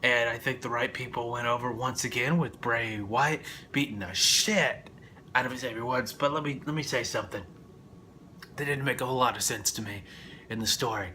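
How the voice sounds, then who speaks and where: Profane rambling man with a bright voice. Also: mid-range voice, fairly even intonation, normal speed, slight background noise. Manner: profane and rambling, with loud outbursts. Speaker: wrestling reviewer. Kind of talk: casual review vlog.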